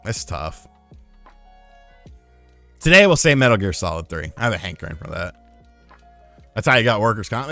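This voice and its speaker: A man's voice: mid-range voice, dry recording. A man streaming live, telling rambling, profane stories in casual chat. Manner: profane, rambling, animated storyteller. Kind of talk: casual storytelling on a livestream.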